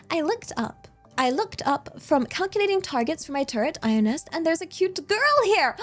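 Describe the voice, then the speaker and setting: A woman's voice: high voice, moderate pace, soft background music. A young woman streaming and chatting casually, rambling and giggly, often repeating herself. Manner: giggly, rambling, repeats words, easily excited. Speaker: vtuber streamer.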